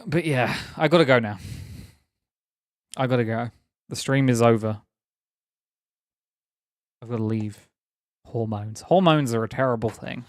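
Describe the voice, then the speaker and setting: A man's voice: mid-range voice, measured pace, long pauses, no room sound, studio quality. A young man chatting casually on a live stream, rambling, laughing often and teasing viewers.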